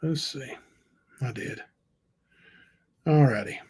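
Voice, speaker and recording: A male livestream host reading letters aloud and commenting on them, halting and unsure, with many fillers. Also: mid-range voice, darkish tone, slightly rough.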